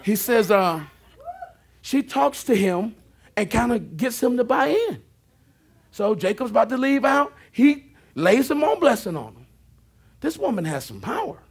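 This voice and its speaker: A man preaching a sermon, telling the story with lively asides. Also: extremely high pitch, unhurried, vocal fry, slightly rough. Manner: animated storytelling with asides and laughs. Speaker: pastor.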